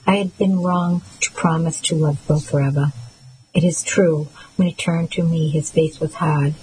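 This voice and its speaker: Female narrator, low voice, soft measured emotional delivery for a first-person novel. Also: steady tone, a little hiss or hum, rough recording. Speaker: audiobook narrator.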